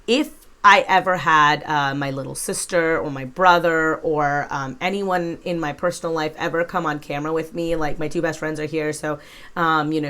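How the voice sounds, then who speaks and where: A woman's voice: on the low side, fairly bright tone. A woman giving reaction commentary in a blunt, frank way, swearing casually as she talks. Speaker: commentary YouTuber.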